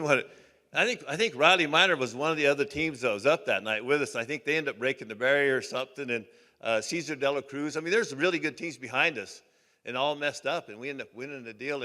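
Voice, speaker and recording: A man's voice: mid-range voice, sharp tone. An older man from Oregon giving a banquet speech, telling folksy, rambling anecdotes with many restarts. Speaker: hall of fame inductee giving a speech. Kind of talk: banquet acceptance speech, storytelling. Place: banquet hall. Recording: long hall reverb.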